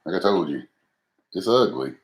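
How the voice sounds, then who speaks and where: In a noisy home recording, a cooking livestream host speaks in a low-sitting, expressive voice at a moderate pace. He's folksy and pokes fun at himself, chatting with his viewers while he cooks.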